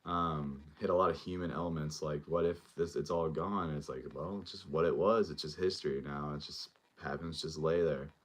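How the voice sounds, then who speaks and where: A man's voice: extremely low pitch, fairly even intonation, fairly quick, hardly any pauses. A male show host giving a casual, rambling recap and review of a TV episode, full of fillers as he retells scenes.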